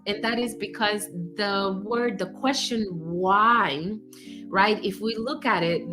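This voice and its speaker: Animated woman giving career advice. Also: medium pitch. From United States. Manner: animated, acts out example phrases, laughs often. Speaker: career coach. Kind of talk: casual advice talk.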